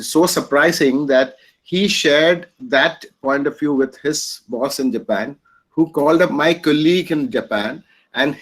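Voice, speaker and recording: Rambling middle-aged indian host. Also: male voice, medium pitch, a bit bright, rough recording. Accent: Indian English. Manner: rambling, many fillers, storytelling. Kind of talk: closing remarks and anecdote.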